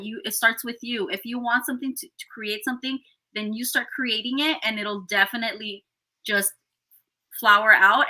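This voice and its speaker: A woman's voice: medium pitch, rough recording. A woman guest on a live podcast, telling stories expressively and acting out what people said. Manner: expressive storyteller, acts out quotes.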